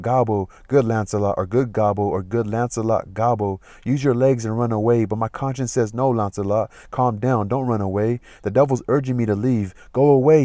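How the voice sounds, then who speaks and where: A man's voice: medium pitch, mellow, no echo, lightly acted. A man voicing a comic young male servant, reading the old lines plainly and then retelling them in everyday speech. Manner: reads old verse plainly, then retells it in modern slang.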